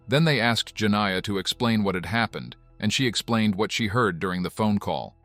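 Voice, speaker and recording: A man narrates a documentary in a steady, measured tone. His voice sits a little low, and his delivery stays even and deliberate. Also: soft background music. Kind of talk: scripted narration.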